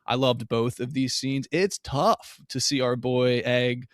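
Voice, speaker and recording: A man's voice: medium pitch, fairly even intonation, slow, no room sound, clean studio sound. Man breaking down a TV episode. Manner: thoughtful, walks through scenes with hedging fillers. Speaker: podcast co-host. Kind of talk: casual TV recap chat.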